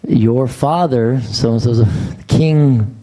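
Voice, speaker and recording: A man's voice: mid-range voice, drawn-out words, dark tone. A man giving a class at a temple, telling chatty, joking anecdotes to a gathered audience. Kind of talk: storytelling scripture class.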